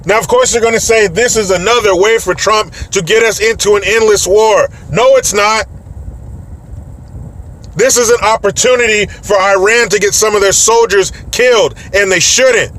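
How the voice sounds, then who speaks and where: A man delivers political commentary as a rant, blunt and profane. His voice sits fairly high and he mocks the people he talks about. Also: a bit bright. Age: adult with children.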